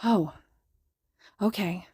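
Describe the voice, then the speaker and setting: A woman voicing an upset young man who pleads, then turns tearful and accusing, his voice rising high under stress. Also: drawn-out words, mellow, slightly rough, no room sound, clean studio sound, full character voice. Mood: hesitant. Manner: voice rising high when distressed.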